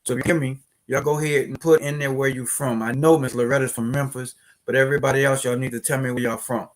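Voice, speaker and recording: With a New Orleans accent, a man from that city chats directly with viewers on his casual business credit livestream ahead of presenting the steps. He talks fast in a medium-pitched voice with a steady tone.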